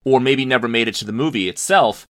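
A man chats about a film on a podcast, thinking aloud as he goes. His voice is bright and forceful, recorded dry and close with no room sound. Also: medium pitch, quick pace, dry recording. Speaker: podcast co-host. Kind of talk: casual film discussion.

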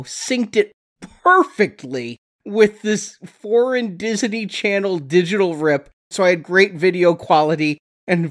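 Co-host cracking jokes about a movie, mid pitch, casual. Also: fairly bright tone. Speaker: podcast co-host. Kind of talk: casual film discussion.

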